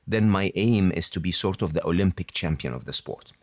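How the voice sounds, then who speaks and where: A man's voice: deep voice, lively intonation, fairly quick, darkish tone, no room sound, clean studio sound. A man as a podcast guest, explaining in a self-assured, teacherly way and often adding "hmm?" or "okay?" to check in. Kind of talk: explaining to an interviewer.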